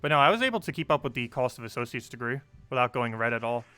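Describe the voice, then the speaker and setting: A man's voice: medium pitch, lively intonation, fast talker, sharp tone, soft background music. A young man chatting casually on a game live stream, reading chat and laughing often.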